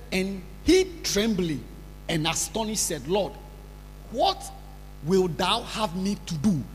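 A man preaching a sermon, scolding and repeating himself, breaking into shouts, recorded in a large church hall. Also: high-pitched, a little hiss or hum. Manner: scolding, repetitive, bursts into shouts. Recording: reverberant hall with faint music.

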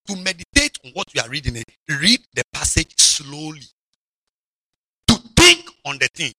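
A man preaching a lively, mocking sermon to children, shouting and drawling words for emphasis. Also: fairly high pitch, no echo.

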